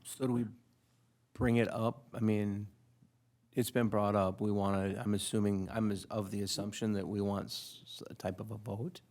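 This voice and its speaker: Low-voiced council member, halting. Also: male voice, flat delivery, darkish tone. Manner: deliberative, halting with restarts. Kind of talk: council workshop discussion.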